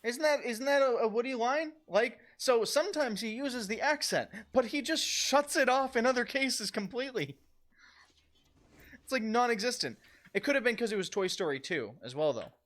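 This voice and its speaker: A man streaming a video game, chatting casually in a rambling, excitable way with laughter and swearing. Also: extremely high pitch, moderate pace. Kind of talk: casual livestream gaming commentary.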